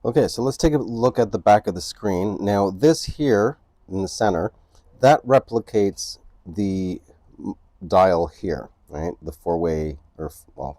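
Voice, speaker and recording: A man's voice: deep voice, warm tone, dry recording, studio quality. A man hosting a casual camera tutorial at home. He explains each step and keeps checking in with the viewer by asking "right?". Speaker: photography channel host. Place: indoors at home near a couch.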